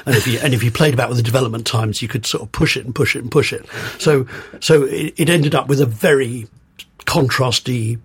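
A man's voice: medium pitch, a little fast, slightly rough. An older man, a guest on an interview podcast, telling long rambling anecdotes with many repeated words. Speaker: guest, former music writer and photographer. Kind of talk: relaxed reminiscing in conversation.

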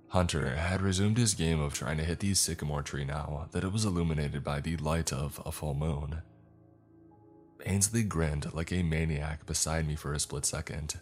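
A man with a strikingly deep, low voice reads a scripted first-person story. His telling is dry and wry, with faint music in the background. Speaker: narrator. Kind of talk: scripted horror story narration.

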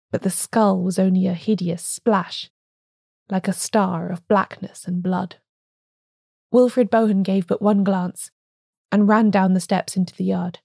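A woman reading a classic detective story aloud in a steady, measured storytelling voice. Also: medium pitch, vocal fry, dry recording, studio quality. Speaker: podcast host reading a story.

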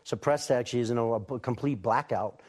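A man at a middling pitch answers questions as a television interview guest. He speaks earnestly and deliberately, laying out his points one by one. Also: a little mellow.

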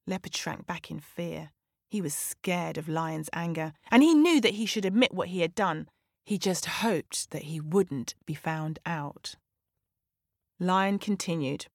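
A woman storyteller reading a children's tale in an expressive, animated way. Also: on the low side, unhurried, gravelly, no echo, clean studio sound.

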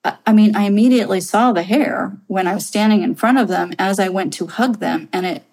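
A woman's voice: mid-range voice, brisk, darkish tone, low-quality recording. A woman in her late thirties telling a personal story as a podcast guest, earnest and rambling, with many fillers and restarts.

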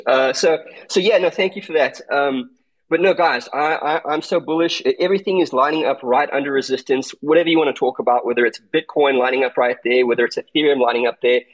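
A man with a South African accent talks through his market view with steady emphasis, checking in with "okay?" and "right?". His voice is husky and sits at an ordinary middle pitch. He speaks in a loose, conversational way, as in an online audio room. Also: a little fast, rough recording. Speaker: crypto trader and guest speaker.

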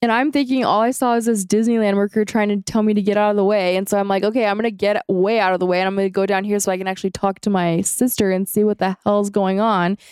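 A young woman co-hosting a podcast, telling stories in a casual, animated way and acting out the quotes. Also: mid-range voice, quick pace, few pauses, clear, resonant tone, no room sound. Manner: animated storytelling, acts out quotes. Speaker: podcast co-host. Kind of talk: casual chat.

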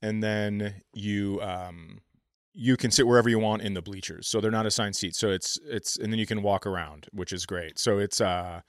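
A man co-hosting a comedy podcast, telling rambling stories and sometimes bursting into loud impressions. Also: lowish voice, moderate pace, no echo, studio quality. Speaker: podcast co-host. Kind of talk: casual comedy podcast chat.

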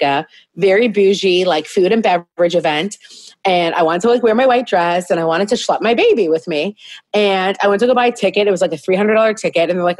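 A woman's voice: lowish voice, a little mellow, no echo. A woman in her thirties, a business founder, telling her story as a guest in a casual interview from her home in a candid, chatty and self-deprecating way.

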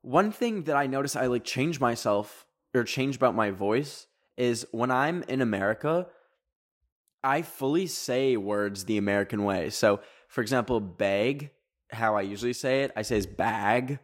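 A man's voice: medium pitch, expressive. Chatty young Canadian man hosting. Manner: chatty, rambling, many fillers, quick laughs. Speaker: podcast host. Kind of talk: casual solo podcast talk.

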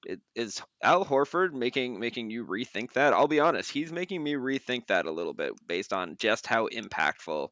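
Male guest, smooth resonant low voice, dry close sound, friendly and halting. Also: very animated, fairly bright tone, no room sound. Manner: friendly, hesitant with frequent fillers. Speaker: podcast guest. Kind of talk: casual sports podcast chat.

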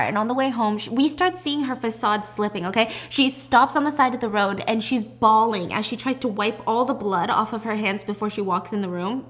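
A woman casually recapping a drama plot in a chatty, animated way with side remarks. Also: a little high. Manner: chatty, animated retelling with asides.

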